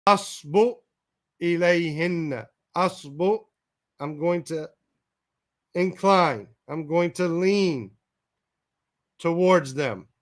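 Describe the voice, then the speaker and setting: A man teaching a Quran lesson. He reads each Arabic phrase and then translates it word by word in English, stopping now and then to correct himself or check a point of grammar. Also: a little high. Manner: pauses to self-correct and check grammar aloud.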